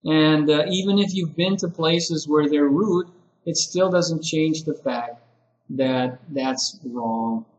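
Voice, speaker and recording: A man giving a relaxed lesson to ESL teachers, talking through example phrases with many fillers. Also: a little high, slow, reverberant, dull audio. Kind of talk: casual spoken lesson to camera. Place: classroom with whiteboard.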